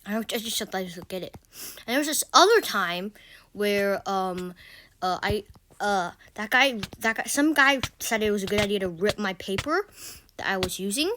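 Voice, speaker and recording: A woman's voice: mid-range voice, lively intonation, normal speed, sharp tone, slight background noise. A woman vlogger telling casual stories in a rambling way, with stammering restarts and exasperated asides. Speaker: gaming channel vlogger. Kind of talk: casual storytelling vlog.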